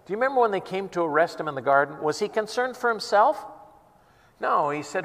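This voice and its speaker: An earnest male pastor preaching in a church hall, his fairly high voice ringing with long reverb. He swings between hushed, tender lines and emphatic, pleading ones, acting out the quotes he gives. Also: lively intonation, a little fast. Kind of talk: sermon.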